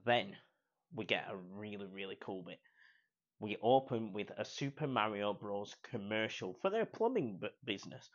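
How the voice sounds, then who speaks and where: An excited man talks through a movie review, heaping on praise in a fairly low voice. The recording is dull and lo-fi, with the top end missing. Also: normal speed. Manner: enthusiastic, repeats praise words, quotes scenes in put-on voices. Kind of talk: casual film review.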